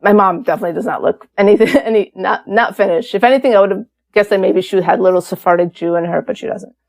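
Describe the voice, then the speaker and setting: A woman's voice: medium pitch, quick pace. Chatty woman telling her story. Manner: chatty, many fillers, animated and candid. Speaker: podcast guest. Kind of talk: casual conversational storytelling.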